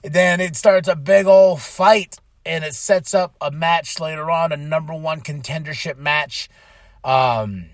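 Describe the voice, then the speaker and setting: A man hosting a podcast, recapping wrestling in a casual, excitable monologue and quoting people in quick voices. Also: a little high, no room sound.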